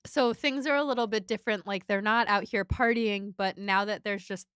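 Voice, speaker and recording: A woman co-hosting a podcast, talking through a book in a chatty, loose way, with a smooth, clear voice. Her speech is full of "like" and "kind of" fillers. The sound is dry and close, with no room around it. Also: medium pitch, steady tone, normal speed, a bit bright, no echo. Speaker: podcast co-host. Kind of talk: casual book discussion.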